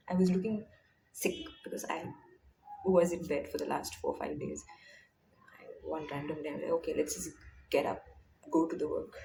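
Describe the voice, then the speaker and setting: A woman's voice: fairly low pitch, a little hiss or hum. Chatty young Indian woman vlogger. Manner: chatty, animated retelling with soft whispered asides. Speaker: teacher. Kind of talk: casual chat.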